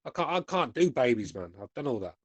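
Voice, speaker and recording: A man's voice: mid-range voice, sing-song, fast talker, husky, no echo, highs cut off. Sweary British man in his forties. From United Kingdom. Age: 40s. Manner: sweary, blunt banter. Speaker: podcast host reading chat. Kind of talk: casual chat.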